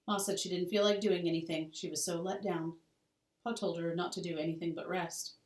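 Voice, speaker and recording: A woman teacher reads a children's novel aloud with an expressive storytelling cadence. She sits well back from the microphone in a roomy school room that echoes. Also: fairly low pitch, a little fast. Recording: roomy, distant mic.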